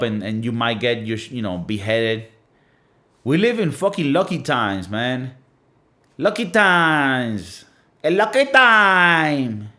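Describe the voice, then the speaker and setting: Blunt, cussing man from Venezuela. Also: medium pitch. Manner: blunt, profane, emphatic with lots of fillers. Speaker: podcast host. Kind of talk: casual monologue.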